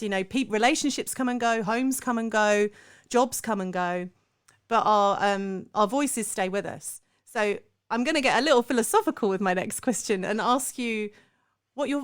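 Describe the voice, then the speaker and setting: A woman's voice: a little high, animated, moderate pace. A woman hosting a voice podcast, affirming her guest and asking reflective, philosophical questions. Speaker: podcast host and singing teacher. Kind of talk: interview podcast.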